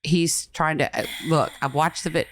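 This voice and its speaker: A woman's voice: sits low, fairly even intonation, normal speed. A woman hosting a podcast in casual, profane, rambling chat after a few drinks. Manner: profane, rambling, laughs easily. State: been drinking. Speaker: podcast host.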